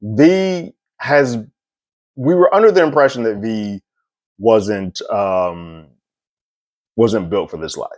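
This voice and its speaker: Lower-voiced man recapping a TV episode. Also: dry recording. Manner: animated, chuckles often, slips into quick impressions. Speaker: TV episode reviewer. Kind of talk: casual recap commentary.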